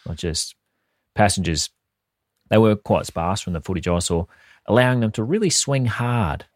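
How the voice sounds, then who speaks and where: Australian man, very low voice, podcast host, dry wisecracks, swearing, dead dry recording. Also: expressive, normal speed, no echo. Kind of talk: casual comedic chat.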